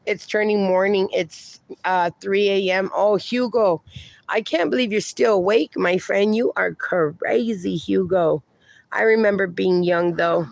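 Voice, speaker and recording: A man's voice: high-pitched, a little slow, gravelly, no echo. A middle-aged man livestreaming from his backyard at night, chatting affectionately and reading viewer comments aloud, with dogs around.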